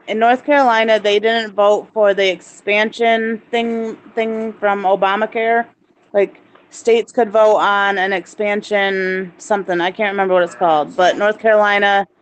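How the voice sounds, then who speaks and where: A woman's voice: mid-range voice, rough recording. A woman hosting a live stream, explaining things at length in a chatty, rambling way. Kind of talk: casual chat.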